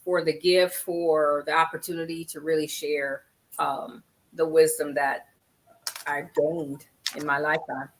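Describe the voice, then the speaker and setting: A woman's voice: deep voice, level tone, measured pace, a little hiss or hum. A woman guest author on a video call, earnest and grateful, close to tears with thanks. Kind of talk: casual interview chat.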